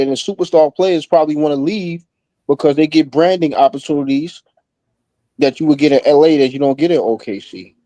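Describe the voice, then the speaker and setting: Mellow man reasoning through a debate. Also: a little high, dry recording. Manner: reasoning, asks rhetorical questions. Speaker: podcast co-host. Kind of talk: casual sports debate.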